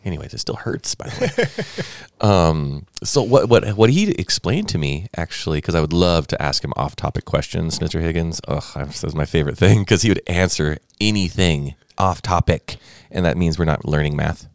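A man with a gravelly voice chatting animatedly on a podcast, slipping into funny voices as he tells stories. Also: deep voice, a little fast, hardly any pauses, dry recording. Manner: animated storyteller who jumps into funny voices. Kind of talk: casual chat.

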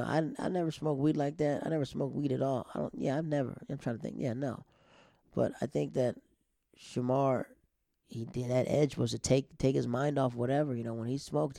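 A man's voice: mid-range voice, vocal fry, dark tone, dry recording, studio quality. A man casually telling a long personal story, rambling and conversational, with frequent fillers and restarts.

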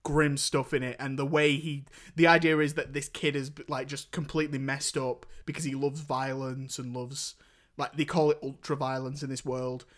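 A man's voice: mid-range voice, level tone, moderate pace, fairly bright tone. A young man hosting a podcast in casual, rambling chat. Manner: rambling, chatty, laughs while retelling scenes. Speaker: podcast host.

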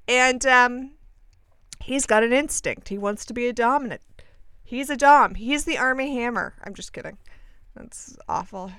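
Chatty woman with a lively, smooth voice. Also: a little high, dry recording. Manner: chatty, animated, acts out quoted dialogue, frequent fillers and self-corrections. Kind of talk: casual storytelling to listeners.

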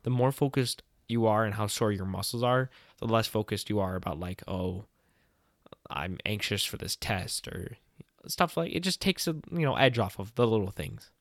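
A young man co-hosting a podcast, telling stories in a casual, animated way and laughing often. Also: on the low side, normal speed, no room sound, clean studio sound. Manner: animated storyteller, laughs often, acts out voices. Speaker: podcast co-host. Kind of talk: casual chat.

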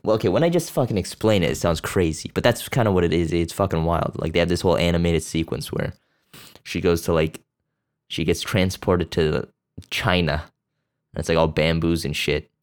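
Low, smooth-voiced man chatting crudely. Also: moderate pace. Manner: rambling, loose, with many fillers and restarts; blunt and crude. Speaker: podcast host. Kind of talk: casual profane movie chat.

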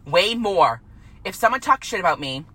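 A woman's voice: on the low side, expressive, moderate pace, pushed and bright, breathy edge, rough recording. A woman in her twenties delivering a heated, profane rant to camera, repeating herself and swearing freely. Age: 20s. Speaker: vlogger.

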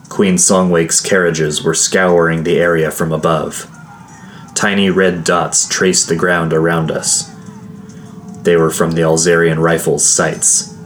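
Deep-voiced man narrating a fantasy tale. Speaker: audiobook narrator. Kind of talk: first-person fantasy narration.

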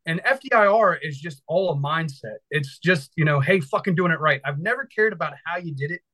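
A talkative man in his thirties from Virginia tells his story with loose, rambling energy and casual swearing. His voice sits high and sounds bright and forward. He talks like a firefighter instructor chatting on a podcast. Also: lively intonation, a little fast, rough recording.

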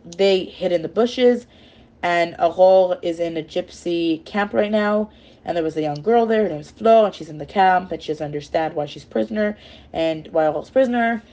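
A woman's voice: lowish voice, dark tone, dull audio. A woman casually retelling chapters of a novel in a rambling way, full of fillers and self-corrections. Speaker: storyteller.

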